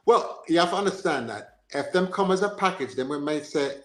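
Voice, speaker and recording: A man's voice: fairly high pitch, fairly quick, few pauses. Jamaican man talking in an echoey room. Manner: animated, repeats himself, asks "you understand?". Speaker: podcast host. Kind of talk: casual chat.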